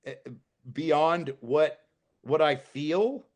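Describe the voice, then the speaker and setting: A man speaking as a podcast guest, fervent and blunt, cursing as he makes his points. His voice sits somewhat high for a man. He swings from quiet musing to loud, emphatic declarations. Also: extremely slow. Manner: impassioned, swears freely, rising to emphatic outbursts. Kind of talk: casual podcast chat.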